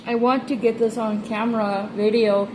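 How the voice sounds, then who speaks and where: A woman filming a casual pet vlog at home, rambling affectionately and slipping into high baby talk. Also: little pitch movement, moderate pace, slight background noise, poor audio. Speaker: pet vlogger. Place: home room by a reptile enclosure.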